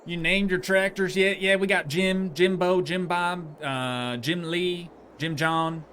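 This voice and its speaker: A man's voice: high voice, fairly even intonation, slow pace, a bit bright, slight background noise. A man streaming a game live, chatting casually, joking and answering his chat as he plays.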